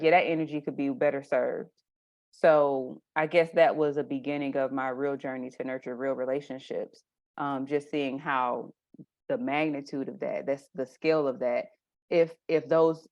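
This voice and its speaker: A woman chatting casually as a guest, telling animated stories and acting out her own reactions. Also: rumbling low, muffled recording. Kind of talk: casual conversation.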